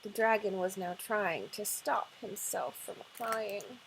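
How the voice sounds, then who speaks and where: A woman librarian reading a picture book aloud at storytime in a gentle, expressive way. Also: mid-range voice, takes it slowly, slight background noise, poor audio. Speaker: children's librarian.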